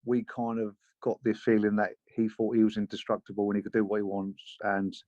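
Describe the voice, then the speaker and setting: A man talking as a guest in an interview, telling his story in a measured, sober way. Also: on the low side, flat delivery, a little mellow, no echo. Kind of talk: interview conversation. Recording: dull lo-fi sound.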